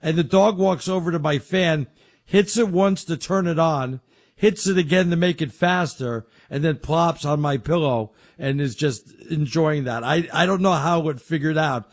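Husky middle-aged guy, kinda high voice, rambling excited sports chat. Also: normal speed. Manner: animated storyteller, excitable. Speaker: co-host.

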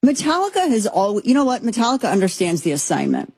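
A woman in her thirties or forties hosting a commentary show, talking in an animated, sarcastic and rambling way with many restarts. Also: a little high, quick pace, husky, no echo. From Texas, USA. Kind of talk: opinionated monologue commentary.

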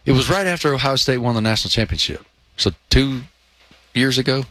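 A man who is a guest on a sports talk show, telling animated anecdotes with many fillers. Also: medium pitch, a little fast. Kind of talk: casual sports chat.

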